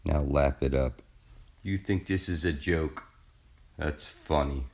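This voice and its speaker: In a rumbling low, slow, somewhat mellow voice, a male channel host delivers a threatening, profane monologue to camera. His tone is taunting and contemptuous.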